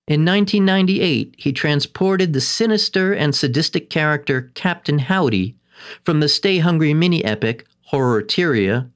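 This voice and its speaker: A man hosting a documentary episode, reading a script in a measured, even way. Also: mid-range voice. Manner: measured, even storytelling delivery. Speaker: documentary host. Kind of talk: scripted narration.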